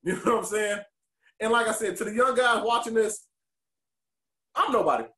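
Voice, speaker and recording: High-voiced man telling animated stories. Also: moderate pace, roomy sound. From Detroit, USA. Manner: animated, emotional storyteller. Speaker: podcast co-host and former pro wrestler. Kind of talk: candid storytelling interview.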